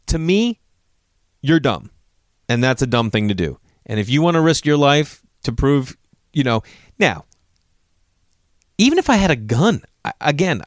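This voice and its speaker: A man's voice: on the high side, dry recording, studio quality. A man telling a story in casual talk, swearing freely and acting out what people said. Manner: animated, profane, acts out quotes.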